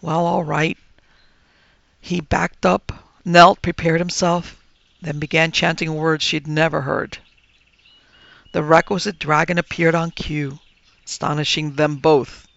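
Gravelly man reading a story. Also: fairly high pitch, little pitch movement, measured pace, fairly bright tone, no room sound, muffled recording. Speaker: narrator.

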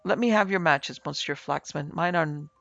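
A man voicing an excitable, irritable big Frenchman with agitated, exclamatory speech in an audiobook reading. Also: on the high side, normal speed, creaky, dry recording, muffled recording, soft background music.

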